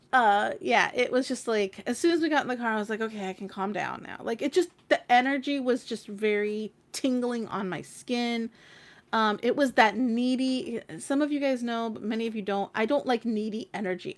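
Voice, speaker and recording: Chatty woman telling a story on a livestream. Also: fairly high pitch. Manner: chatty and animated, heavy with fillers and casual swearing. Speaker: tarot reader and stream host.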